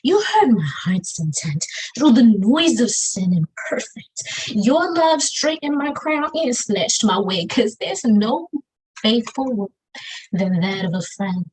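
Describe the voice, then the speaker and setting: A woman's voice: a little high, big pitch swings, slow pace, a little mellow, husky, poor audio. A woman with a Southern US accent performing her own spoken-word poetry over a video call, with a rhythmic, emphatic delivery and Southern slang. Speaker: poet.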